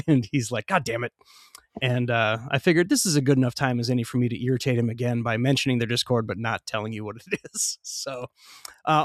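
A man's voice: medium pitch, no echo, studio quality. A man co-hosting a podcast, reading out show notes in a loose, joking way and swearing casually. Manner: loose, joking, swears, trips over his sign-off. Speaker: podcast co-host. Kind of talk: casual chat.

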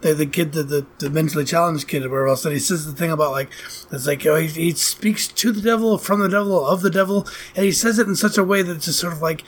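Male co-host, husky, fairly high voice, rambling and incredulous. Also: fast talker. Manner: rambling, incredulous, laughing asides. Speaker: podcast co-host reviewing a movie. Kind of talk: casual chat.

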